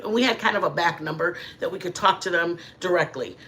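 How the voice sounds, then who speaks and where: A middle-aged woman hosting a casual livestream from her living room, telling rambling, animated stories to her chat. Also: on the low side, fast, hardly any pauses. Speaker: channel host.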